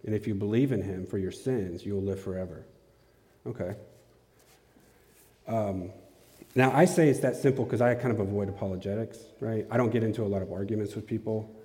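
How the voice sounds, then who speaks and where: A man's voice: lowish voice, fairly quick, long pauses, warm tone. A man giving a casual, conversational sermon in a church, often checking in with his audience. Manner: casual, asks the audience questions. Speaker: preacher. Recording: long hall reverb.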